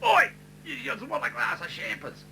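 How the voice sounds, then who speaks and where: A man voicing a brash, newly rich bloke in an amateur stage comedy, loud and blunt. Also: very high-pitched, wildly swooping pitch, normal speed, gravelly, slight background noise, pitched above the performer's own voice, full character voice.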